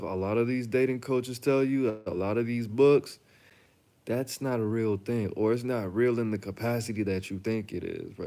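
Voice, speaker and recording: A man's voice: on the low side, mellow. A young man hosting a reaction channel, talking casually and bluntly to the camera, joking and telling stories in slang. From Chicago.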